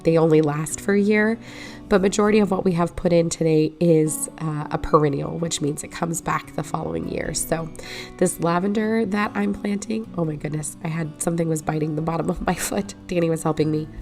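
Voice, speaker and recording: Woman vlogger, low morning voice, easygoing chatty voice-over narration. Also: fairly quick, a little mellow, faint music behind. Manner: chatty, friendly, explains as she goes. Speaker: home makeover vlogger. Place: voice-over recorded while editing.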